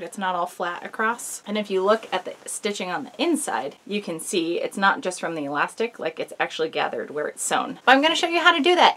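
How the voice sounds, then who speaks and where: A woman's voice: medium pitch, a bit bright, a little hiss or hum. A young woman talks through a sewing project in a casual, rambling way. She keeps cracking jokes at her own expense. She is recording on a camera mic in a costume workshop. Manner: chatty, self-mocking, rambling asides. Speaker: sewing vlogger. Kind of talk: casual tutorial chat.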